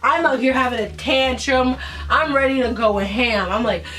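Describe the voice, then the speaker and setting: A teenage girl telling a story from her school days to the camera, casual and animated. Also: a little high, normal speed, distant mic. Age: teens. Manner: animated, dramatic retelling with acted-out quotes. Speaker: vlogger.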